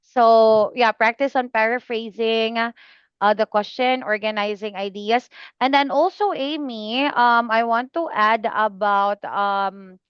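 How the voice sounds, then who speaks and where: A woman tutoring a student in speaking, patient and slow, repeating the student's name often. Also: on the high side, smooth, dry recording, muffled recording. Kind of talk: one-on-one online lesson feedback.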